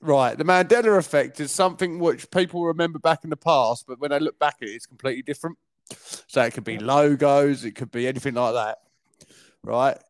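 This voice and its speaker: A man's voice: medium pitch, a little fast, dry recording, studio quality. A young man from Kent with a southern English accent, co-hosting a podcast in casual banter, swearing and laughing a lot. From Kent, England. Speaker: podcast co-host.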